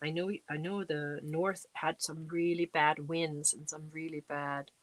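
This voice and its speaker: A chatty middle-aged woman hosts a relaxed livestream from her home crafting space, reading viewer comments aloud and replying to them. Her voice sits a little low, and it sounds close and dry. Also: unhurried, no room sound. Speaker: livestream host. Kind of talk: casual livestream chat.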